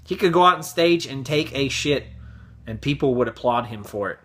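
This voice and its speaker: A man's voice: mid-range voice, lively intonation, normal speed, a bit bright. A man hosting his own video blog, giving a profane, sarcastic opinion rant in a casual way. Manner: profane, sarcastic, mocks others in raised voices. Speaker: vlog host.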